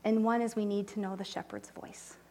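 A woman telling a mission story in a sermon, animated and emotional, dropping to near-whispers when moved. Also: mid-range voice, fairly quick. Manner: animated storytelling, voices quoted people, drops to soft near-whispers; emotional, close to tears. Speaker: church speaker reporting on mission trip. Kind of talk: sermon testimony.

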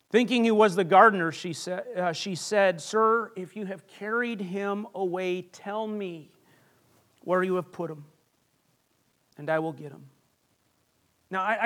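A male pastor with a notably high voice delivers an earnest, conversational sermon. He stumbles through repeated restarts, then falls to a soft, hushed tone for the lines he wants to land.

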